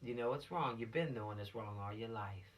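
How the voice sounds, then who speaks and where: A woman's voice: extremely low pitch, fairly quick, far from the mic. A woman, a police officer giving teens an informal law lesson in a folksy, admonishing, preachy way.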